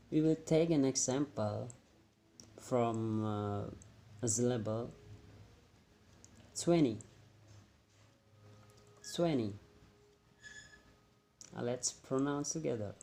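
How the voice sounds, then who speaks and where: A young man whose first language is Indonesian talks through a classroom-style explanation. He speaks very slowly, with a mellow, dark tone. He pauses often and repeats his words. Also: medium pitch. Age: young adult. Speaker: student presenter.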